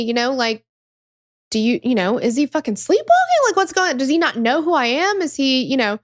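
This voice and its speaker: A woman's voice: high-pitched, animated, fast talker. A woman hosting a true crime podcast, telling the story in a casual, emphatic way and swearing freely.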